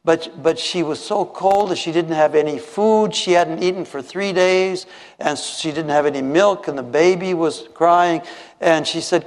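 Man, storytelling preacher, slightly high, animated, acts out voices, reverberant hall. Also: a little slow. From Minnesota. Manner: animated, acts out voices in his stories, many restarts. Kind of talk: storytelling sermon. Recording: echoey hall.

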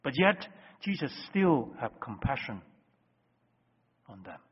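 A man preaching a sermon as pastor, emphatic, with loud stresses that drop to hushed phrases. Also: medium pitch, sing-song, takes it slowly, husky. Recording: dull lo-fi sound with long hall reverb.

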